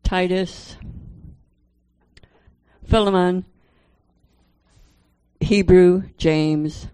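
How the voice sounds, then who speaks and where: A woman with a Jamaican accent reciting a memorized list of Bible books in a church class, steady and deliberate. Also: fairly low pitch, clean tone, no room sound, poor audio. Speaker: class member.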